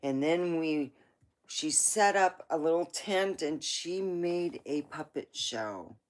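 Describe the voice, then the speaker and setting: A woman's voice: low-pitched, lively intonation, slow pace. A woman hosting a livestream, telling rambling family stories in a chatty way with asides. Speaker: livestream host. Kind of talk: casual storytelling.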